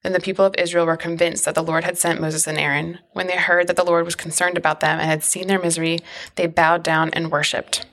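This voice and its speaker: A woman giving a steady, measured reading of scripture in an even, low-key manner. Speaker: scripture reader.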